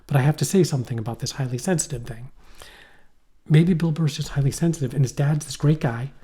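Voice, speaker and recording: Podcast co-host, male, mellow and dark tone, rambling, salty language. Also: mid-range voice, quick pace, slightly rough. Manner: rambling, animated, swearing. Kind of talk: casual chat.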